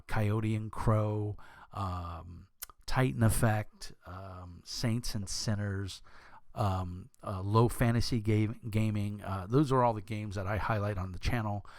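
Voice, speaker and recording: Deep-voiced man, rambling casual chat. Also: darkish tone, dry recording. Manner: rambling, with many fillers and restarts. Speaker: channel host. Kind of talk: casual talk to camera.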